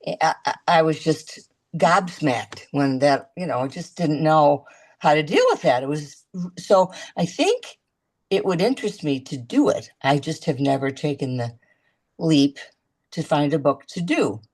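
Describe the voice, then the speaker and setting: A woman talking as a guest in a casual video-call chat, chatty and halting, restarting her sentences often. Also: deep voice, expressive, darkish tone.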